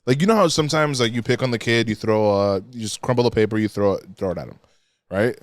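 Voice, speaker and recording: A young man chatting on a podcast, telling an animated, swear-filled story and acting out the other people's lines. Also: fairly low pitch, quick pace, dry recording. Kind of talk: casual podcast chat. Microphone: studio mic.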